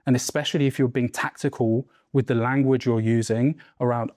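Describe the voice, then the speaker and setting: A man's voice: medium pitch, little pitch movement, brisk, hardly any pauses, darkish tone, no room sound. Emphatic male sales coach, dry sound. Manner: emphatic, coaching, checks in with "right?" and "okay?". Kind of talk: mastermind teaching talk. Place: room with a group.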